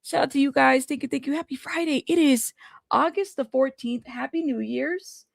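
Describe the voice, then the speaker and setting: A high-pitched woman with a heavily gravelly, fry-laden voice hosts a casual livestream, rattling off shout-outs to viewers by name. The sound is dry and close, with no room around her. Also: no room sound. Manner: chatty, greets viewers by name in quick bursts. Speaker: livestream news commentary host. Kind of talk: casual live-stream chat.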